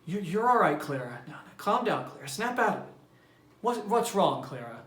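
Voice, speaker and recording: Man voicing a fussy anxious housewife, high, coaxing, roomy echo. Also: very animated, normal speed, a bit bright. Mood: soothing. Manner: coaxing, fluttery.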